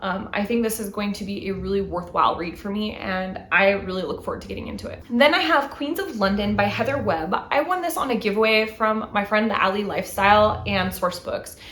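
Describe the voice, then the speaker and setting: A woman's voice: mid-range voice, fairly quick, few pauses, a bit bright. Thirties woman gushing about her book haul, kinda roomy echo, faint hum behind. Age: 30s. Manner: enthusiastic, talks through each book and reads back covers. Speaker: book channel host. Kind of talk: book haul vlog, casual chat.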